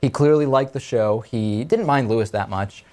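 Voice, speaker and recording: Talk-show host leading casual banter. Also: male voice, mid-range voice, a little mellow, faint music behind. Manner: conversational, leading the discussion with quick restarts.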